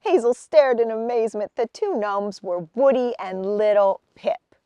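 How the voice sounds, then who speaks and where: A woman reading a children's picture book aloud outdoors, in an expressive storytelling manner. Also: mid-range voice, measured pace, clear, resonant tone, dry recording, highs cut off. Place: outdoors in a forest.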